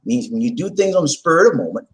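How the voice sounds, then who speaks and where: A man hosting a vlog, talking casually to his viewers in an animated, laughing, rhetorical way, repeating his points often. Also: a little high, fast talker, poor audio. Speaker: vlog host.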